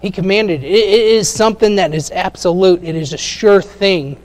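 A man with a high voice preaching a sermon. He talks conversationally, stops often to check in with the congregation, and uses plenty of fillers. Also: moderate pace.

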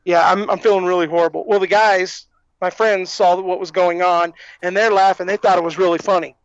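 High-voiced man telling animated stories. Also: a little fast, smooth, no room sound, dull audio. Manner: animated storyteller who acts out quoted voices. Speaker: wrestling production manager guest. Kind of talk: storytelling anecdotes in a podcast interview.

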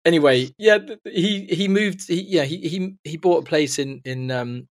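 A man's voice: a little high, moderate pace, no echo, clean studio sound. A man telling a long joke among friends in casual chat, rambling and restarting, laughing often.

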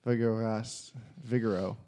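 A man's voice: on the low side, fairly even intonation, measured pace, mellow. A man co-hosting a podcast, explaining things at length in casual conversation. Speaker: podcast co-host. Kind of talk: casual chat.

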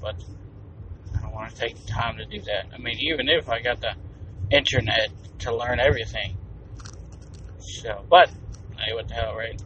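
A man's voice: mid-range voice, steady tone, moderate pace, long pauses, bright, forceful tone. A man hosting his own podcast, ranting bluntly and profanely in a rambling, casual way. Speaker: podcast host. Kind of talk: casual solo podcast rant. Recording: distant, dull lo-fi mic with faint noise.

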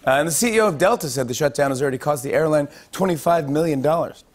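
A man hosts a late-night talk show, delivering a comedy monologue with punchy, playful emphasis to a live studio audience. His voice is fairly high and fast, and audience laughter and noise fill the recording.

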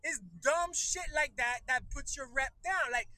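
High-voiced, profane ranting man. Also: a little slow, pushed and bright, no echo, rough recording. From United States. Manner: profane, exasperated, laughs often mid-sentence. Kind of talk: casual ranting commentary.

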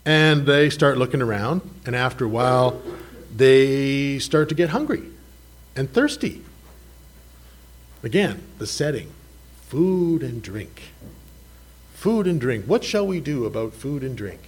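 A man's voice: mid-range voice, very animated, measured pace, husky. A man preaching a conversational sermon, asking his listeners questions and speaking frankly about his own faults. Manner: conversational, self-deprecating, asks the congregation questions. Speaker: pastor.

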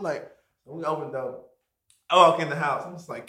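Young man, bright, slightly high voice, loose animated storyteller who swears and squeaks up for quoted lines. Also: fast talker. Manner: animated, jumps into high squeaky voices when quoting himself; swears freely, drops to a mumble on asides. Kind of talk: casual storytelling among friends.

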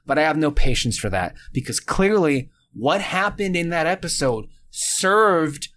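A man co-hosting a podcast, chatting casually and ranting with animated annoyance. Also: fairly high pitch, unhurried. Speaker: podcast co-host.

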